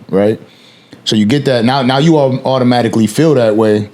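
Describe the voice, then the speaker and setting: Low-voiced man hosting, acting out scenes. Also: quick pace, a little mellow. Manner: storytelling, acts out scenes in quoted voices. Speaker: podcast host. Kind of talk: casual podcast conversation.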